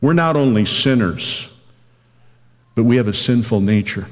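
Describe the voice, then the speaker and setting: A man preaching a sermon as pastor, reading scripture slowly and earnestly. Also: mid-range voice, animated, long reverb tail.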